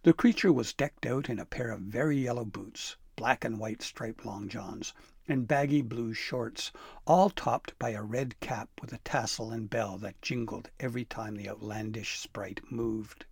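A man reading a children's storybook aloud with expressive narration. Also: lowish voice, a little slow, creaky, slightly rough, dry recording, studio quality.

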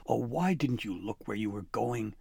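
A man's voice: lowish voice, lively intonation, moderate pace, creaky, darkish tone, breathy edge, no echo, full character voice. A man voicing a small, frightened male elf who frets, scolds and pleads in a fussy, hissing way. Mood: frantic pleading.

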